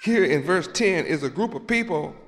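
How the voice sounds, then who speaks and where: A man preaching a sermon, dramatic, shouting and acting out scenes to the congregation. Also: high voice, expressive, moderate pace. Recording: echoey hall with long reverb.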